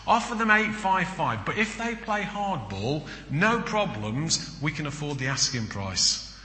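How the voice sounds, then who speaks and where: A man's voice: a little high, very animated, unhurried, pushed and bright, a little hiss or hum, heavily acted. A man voicing a carefree man in a golf club locker room, answering in an offhand, breezy way. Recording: echoey church hall, long reverb.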